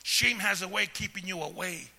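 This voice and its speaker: Raspy high-voiced preacher in a reverberant church. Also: male voice, brisk. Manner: preaching with call-and-response, swings from soft to shouting. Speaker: pastor. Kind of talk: sermon. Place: church sanctuary. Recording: long hall reverb.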